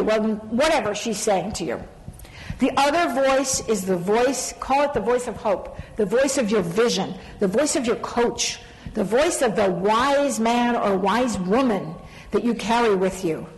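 A middle-aged woman talks to a live audience in a large hall, her voice a touch high and trailing off into a long reverb. She is an animated storyteller who laughs often and lifts into her points. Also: measured pace. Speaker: speaker on women's leadership. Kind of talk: stage panel talk.

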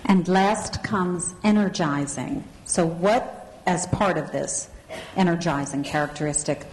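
A woman moderating a panel, moving briskly through structured questions. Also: lowish voice. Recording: roomy hall with long reverb, faint noise.

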